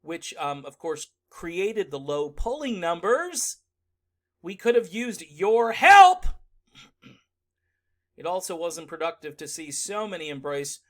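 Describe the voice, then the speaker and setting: Male vlog commentator, higher voice, sarcastic and animated delivery. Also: slow pace. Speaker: political commentator.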